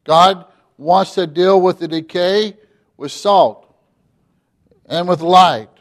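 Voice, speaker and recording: A man delivers a sermon in a somewhat high voice. He preaches emphatically, sinking to quiet lines before rising loud again. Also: slow pace. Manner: emphatic, drops to quiet then rises loud.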